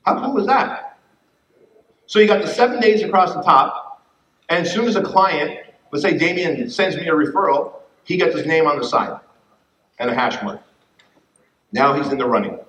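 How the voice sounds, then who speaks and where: Profane, animated man speaking in a hall. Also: a little high. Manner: animated, profane, acts out quoted voices. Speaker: fitness business speaker. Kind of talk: energetic conference keynote. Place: conference hall with audience. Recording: distant, roomy, dull room mic.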